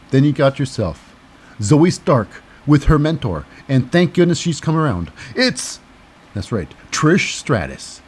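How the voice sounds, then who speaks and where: A man's voice: fairly high pitch, a little mellow, husky. Rambling, cynical male show host. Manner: rambling, digressive, cynical, lots of fillers. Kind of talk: casual wrestling recap commentary.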